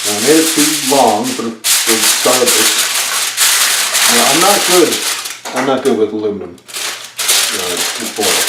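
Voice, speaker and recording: A man's voice: mid-range voice, slight background noise. A man chatting casually and rambling while he bakes at home, poking fun at himself as he works. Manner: self-deprecating, rambling, talks while working. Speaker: home cook filming a baking video. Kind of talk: casual talk while cooking. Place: home kitchen. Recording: echoey kitchen, distant camera mic.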